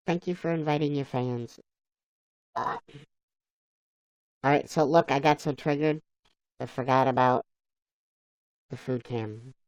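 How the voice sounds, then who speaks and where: A man's voice: medium pitch, measured pace, pauses often, clean tone, dry recording, poor audio. A man on a live stream, chatting casually, laughing often and reading viewers' comments aloud. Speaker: livestreamer.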